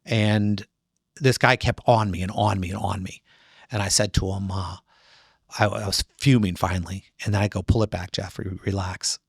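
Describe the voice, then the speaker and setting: A middle-aged man with a gravelly, fairly low voice tells a courtroom story in a relaxed interview. He is lively and acts out other people's lines, recorded close on a dry mic. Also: normal speed, no echo. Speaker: trial attorney telling a story.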